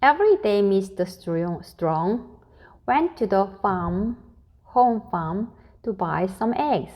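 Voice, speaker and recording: A woman reading a children's picture book aloud in a deliberate, expressive way. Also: medium pitch. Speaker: storyteller. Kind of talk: children's story read-aloud.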